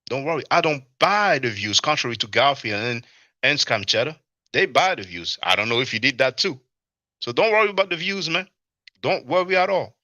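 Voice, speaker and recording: A man hosts a casual livestream, laughing often and reading chat comments aloud to respond. His medium-pitched voice is expressive, brisk, bright and forceful, with dry, dull lo-fi audio.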